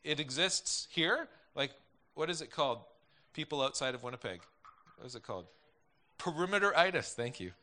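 A man's voice: a little high, lively intonation, normal speed, pushed and bright. A man preaching a conversational sermon, rambling with many restarts and asides. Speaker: pastor.

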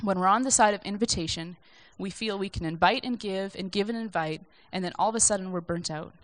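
A woman's voice: medium pitch, fairly quick, no room sound. A young woman giving an informal sermon from notes in a conversational, reflective, self-deprecating way. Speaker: speaker sharing a church message.

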